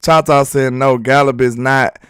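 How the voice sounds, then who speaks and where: A man's voice: medium pitch, fairly even intonation, normal speed, a bit bright, smooth, no room sound, clean studio sound. A young man from Alabama with a Southern US accent, hosting live sports talk in a loose, joking, slangy way while reading viewer chat.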